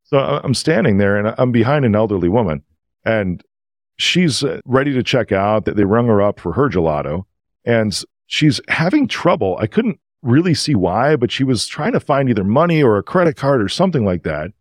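A man who is a podcast guest, telling stories in an earnest, emotional and animated way. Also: medium pitch, moderate pace, no room sound, clean studio sound. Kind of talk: casual storytelling.

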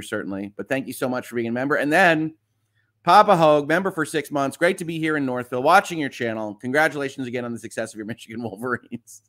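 A man's voice: mid-range voice, fairly bright tone. Chatty man reading live chat aloud. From Midwest US. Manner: reads chat messages aloud, chatty, frequent "uh" fillers. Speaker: livestream host. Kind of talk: casual live-stream chat.

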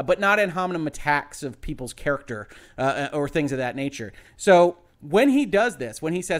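A man who is a lawyer giving measured, methodical commentary and explaining his reasoning step by step. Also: a little high. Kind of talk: analytical legal commentary.

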